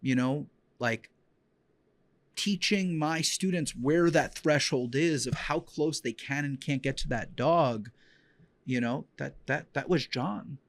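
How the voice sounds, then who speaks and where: A man's voice: on the high side, slow, no echo. A man hosting a podcast as a dog trainer, telling personal stories in a heartfelt, rambling way with many fillers and restarts. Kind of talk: emotional personal storytelling.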